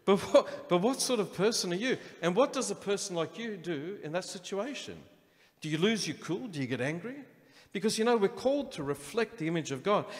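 Male pastor, animated sermon delivery, a touch high-pitched, recorded with long hall echo. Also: brisk. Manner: animated preaching with acted-out inner voices. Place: church hall.

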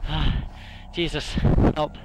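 A man's voice: fairly high pitch, flat delivery, slow pace. A young man hosting a let's play, panicky and out of breath, swearing and jumpy as he plays. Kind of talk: casual gaming commentary. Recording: noisy home recording.

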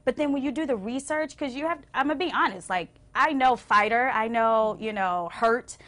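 A young adult woman singer telling stories as a TV interview guest, acting out quotes with big swings and going hushed when moved. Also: normal speed. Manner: expressive, acts out quotes with big pitch swings. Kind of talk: animated storytelling in a TV interview. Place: TV station interview.

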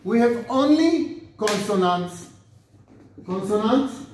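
Older Israeli rabbi lecturing in an echoey room. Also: male voice, high voice, animated, slow pace, darkish tone. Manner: chatty, asks the class questions, repeats words for drill. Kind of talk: informal classroom lecture. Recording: echoey lecture room, mic far off, faint noise.

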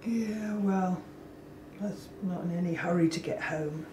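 A woman's voice: lowish voice, measured pace, roomy sound, background noise, lightly acted. An actress playing a distressed pregnant mother in a television drama. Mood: weary.

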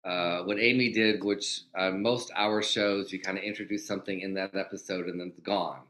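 Low-voiced older man telling showbiz stories. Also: moderate pace. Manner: animated anecdotes, acts out quoted dialogue, swears freely. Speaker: guest, TV comedy writer. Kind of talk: casual storytelling interview.

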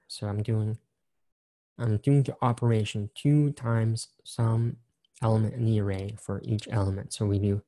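An engineering instructor with a low, very dark, mellow voice gives a recorded screen-share lecture, talking casually and unhurriedly. He repeats his key point and counts through examples one step at a time while keyboard clicks tap along behind him as he types.

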